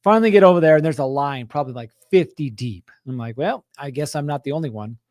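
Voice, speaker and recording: Fast and a little high-pitched, this man from Utah hosts a contractor business show, where he tells a story to his audience, acting out the quotes with animation. He frequently checks in with "right?" on a dry, clean studio recording.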